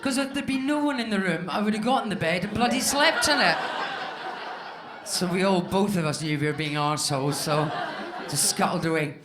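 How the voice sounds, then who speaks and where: Stand-up comic, woman in her fifties, salty and animated, live club with a roomy sound. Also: lowish voice, a little fast, noisy background. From Scotland. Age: 50s. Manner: swears freely, acts out quoted voices. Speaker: stand-up comedian. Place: comedy club stage with live audience.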